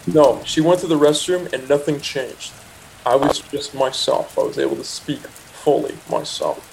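A man's voice: mid-range voice, normal speed, gravelly, darkish tone, a little hiss or hum, low-quality recording. Rambling young man telling a story. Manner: rambling, frequent restarts and asides, quotes himself. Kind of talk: casual personal anecdote.

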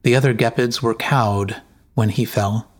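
A man's voice: on the low side, steady tone, measured pace. A man voicing a brave young woman warrior who gives a formal, earnest account of a battle in a storybook reading. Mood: solemn.

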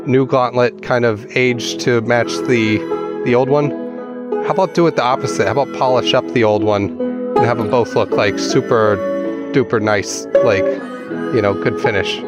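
A man voicing a scruffy male zombie-hunting adventurer, talking casually and haltingly in a put-on accent. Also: mid-range voice, over loud music, natural voice. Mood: friendly. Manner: casual, hesitant, full of "uh"s.

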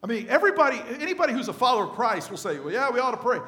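A man's voice: very high voice, big pitch swings, racing, a bit bright, echoey room. A male pastor giving a conversational sermon to his congregation, often asking them questions. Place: church sanctuary.

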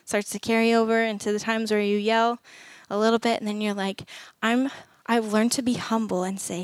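A woman's voice: fairly high pitch, level tone, moderate pace, hardly any pauses, smooth, dry recording. A woman speaking earnestly to parents at a church gathering, conversational, acting out short prayers as she goes. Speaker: women's ministry speaker. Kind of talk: sermon talk to parents.

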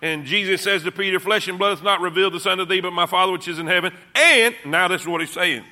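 A man's voice: high-pitched, quick pace, pushed and bright. A man preaching a sermon, praying and then teaching with fervent call-and-response. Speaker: pastor.

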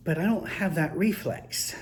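An older man, a grandfather, telling casual anecdotes in a relaxed, folksy, wry way. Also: a little high, moderate pace. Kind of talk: casual storytelling monologue.

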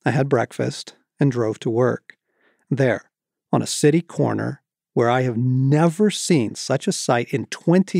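Mellow man reading reverently. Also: medium pitch, dry recording, clean studio sound. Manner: reflective and reverent, warming to casual asides. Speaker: author reading from his book. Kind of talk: reading a book aloud with casual asides.

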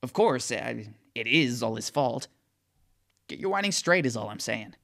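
A man voicing a crude, self-centered teenage boy in an audiobook, talking flatly and bluntly. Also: mid-range voice, a little slow, creaky. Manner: flat, blunt, insulting.

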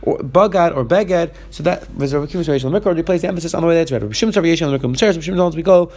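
A man with a warm, fairly high voice races through a Talmud page at a very fast clip. He reads lines of the Aramaic text aloud and then explains each one in English, in a quick-moving study lesson.

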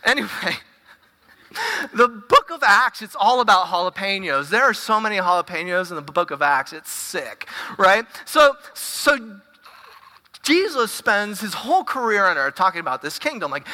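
Woman pastor, casual sermon, very bright voice, stumbling repeats, long hall reverb. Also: mid-range voice, normal speed. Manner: casual, animated, stumbling repetitions.

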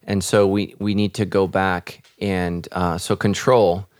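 A man's voice: low voice, little pitch movement, slow pace, no echo. A man, a pastor, speaking earnestly and reflectively in a podcast conversation about faith.

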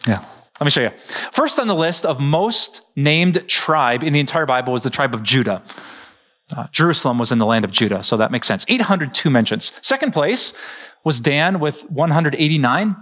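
A middle-aged man, preaching a sermon as pastor in a lively, joking way. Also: a little high, normal speed. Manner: lively, joking, with frequent laughs.

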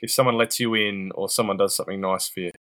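A man's voice: deep voice, steady tone, quick pace, a bit bright, no echo. A man co-hosting a casual podcast over a video call, blunt, sweary and rambling. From New Zealand. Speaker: podcast co-host. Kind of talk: casual banter.

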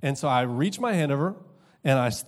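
A young pastor delivers a sermon in a conversational, funny style, mixing quick asides with slow, emphatic drops. His voice is medium-pitched and animated.

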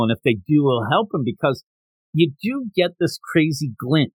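A podcast host who tells the story with a lively, swooping voice that sits a little high for a man. He acts out each line of dialogue as he goes. The sound is dry and close to the mic. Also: moderate pace, no echo, poor audio. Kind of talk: casual chat.

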